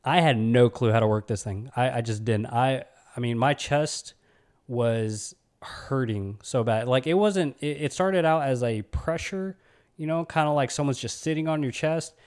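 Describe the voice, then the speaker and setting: A young man from Alabama talks through a personal story as a podcast host. His voice sits in an ordinary middle pitch. He rambles in a relaxed way, circling back with fillers and restarts. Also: moderate pace.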